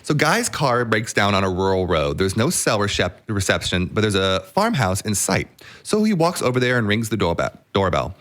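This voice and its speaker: A man's voice: lowish voice, very animated, normal speed, fairly bright tone. A man co-hosting a podcast in casual chat, telling a long joke in a playful, chuckling way. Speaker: podcast co-host.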